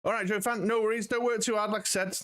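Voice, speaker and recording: This is a high-pitched, steady, fairly bright voice that moves fast. It belongs to a British man in his forties who livestreams casually from home, rambling warmly to viewers and saying "you know" a lot.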